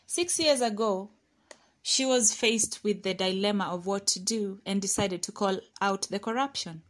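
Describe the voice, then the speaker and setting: A woman reads out a case study in a measured, mid-pitched voice. She stumbles now and then, filling pauses with ums and restarting phrases as she goes. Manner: reads with hesitant fillers and restarts, quotes others aloud. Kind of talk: reading a prepared talk.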